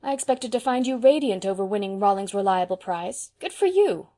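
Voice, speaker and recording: A woman's voice: mid-range voice, a little fast, mellow, close to an everyday voice. A woman reading an audiobook, voicing a practical young man who speaks in a matter-of-fact, reassuring way. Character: sensible young man student, friendly and practical. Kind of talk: audiobook character voice.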